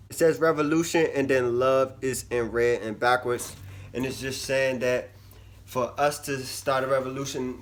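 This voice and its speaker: Chatty young man vlogging to camera. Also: mid-range voice. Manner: chatty, animated, swings from loud to mumbly. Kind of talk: casual vlog talk to camera.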